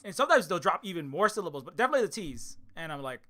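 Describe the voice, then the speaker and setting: A man casually telling a story on a stream, halting with many stammered restarts. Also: fairly high pitch, big pitch swings, sharp tone. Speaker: stream guest.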